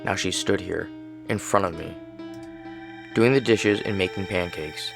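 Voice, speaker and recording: A man narrating a horror story game in the first person, with tense, hushed storytelling. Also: sits low, measured pace, vocal fry, over music. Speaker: gamer reading a story game.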